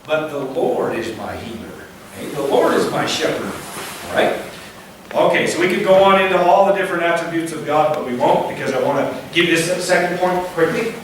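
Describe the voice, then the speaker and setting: A man's voice: a little high, expressive, fairly quick. A male pastor preaching a sermon in a conversational way, often checking in with "all right?" and asking rhetorical questions, recorded from a distance in a church. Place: church sanctuary. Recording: echoey church hall from a distance, faint noise.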